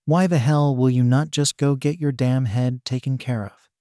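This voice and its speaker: A gruff, cursing teenage boy with a hot temper, read out by a man. He snaps in exasperation, every line laced with swearing. The voice sits at a middling pitch and sounds dry and close. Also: steady tone, normal speed, dark tone, no echo, lightly acted. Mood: irritated.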